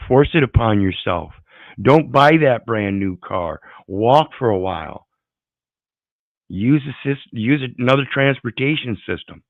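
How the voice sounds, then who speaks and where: A man's voice: mid-range voice, no echo. A man giving preachy, moralizing commentary, often repeating words as he searches for them. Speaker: panel host. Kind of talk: lecturing commentary. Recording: tinny phone-like line.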